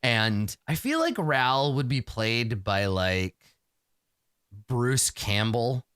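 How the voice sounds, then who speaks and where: A man runs a tabletop game with a rambling, animated storytelling manner, full of fillers and restarts. His voice is bright and keen, and his pitch swings widely as he tells the scene. The sound is close and dry. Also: slow pace, smooth, dry recording. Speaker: game master.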